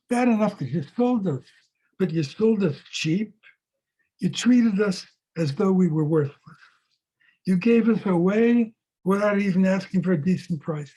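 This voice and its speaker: An older man teaches a scripture class as a rabbi, speaking slowly and with weight. His voice sits high for a man yet sounds mellow and a little husky. He leans on repeated words to drive each point home. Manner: dramatic, repeats words for emphasis. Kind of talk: slow, emphatic scripture lesson.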